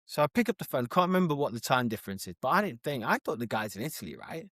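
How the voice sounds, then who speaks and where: A man co-hosting a podcast, telling animated, overexcited stories in casual chat. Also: mid-range voice, very fast, no room sound, studio quality. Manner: animated storyteller, gets overexcited. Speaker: podcast co-host.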